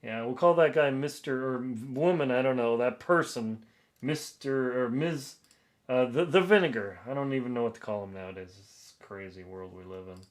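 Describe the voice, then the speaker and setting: A man's voice: mid-range voice, normal speed. A man streaming live as he works, chatting casually, laughing, and thinking aloud. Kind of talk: casual live-stream chat while working.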